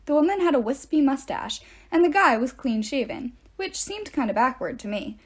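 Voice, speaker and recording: A woman reading a novel aloud in an expressive way, with deadpan asides. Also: sits high, normal speed. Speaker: narrator. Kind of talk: audiobook-style reading aloud.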